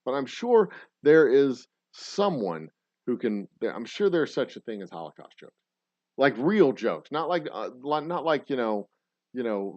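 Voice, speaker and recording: A man with a lowish, slightly mellow voice hosts a casual show, rambling through a profane story and restarting again and again. The recording is dry, with slightly dull lo-fi audio.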